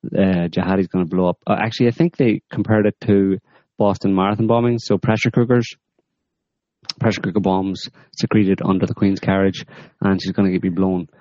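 A man with a very low voice hosts a current-affairs podcast with deadpan sarcasm. He rambles, padding his talk with ums and uhs. The recording is dry and somewhat muffled. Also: fairly quick, no room sound. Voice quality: rambling, deadpan with many fillers. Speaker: podcast host.

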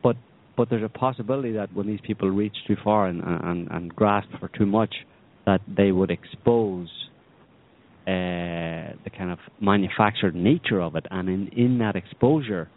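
Low-voiced man, sardonic political chat, rambling, thin phone-line sound. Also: normal speed. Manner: rambling, sardonic, many restarts. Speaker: podcast co-host.

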